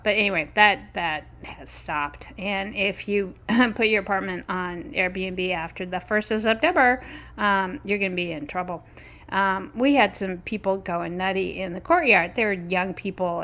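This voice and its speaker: Outdoors in an apartment courtyard, a woman vlogs in a casual, meandering way, laughing a little often. Her voice is medium-pitched and a bit bright.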